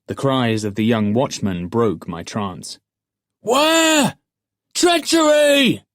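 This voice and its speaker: A man narrating a fantasy audiobook in the first person, in a measured storytelling manner. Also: lowish voice, darkish tone, no room sound, clean studio sound.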